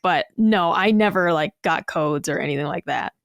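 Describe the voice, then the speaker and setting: A woman's voice: fairly low pitch, moderate pace, no echo. A woman co-hosting a gaming podcast in casual, rambling chat, laughing often. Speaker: podcast co-host.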